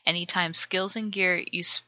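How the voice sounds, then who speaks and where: A woman's voice: on the low side, steady tone, normal speed, pushed and bright, dry recording, highs cut off. A woman co-hosting a casual podcast, reading out listener letters in a wry, blunt way. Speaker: podcast co-host.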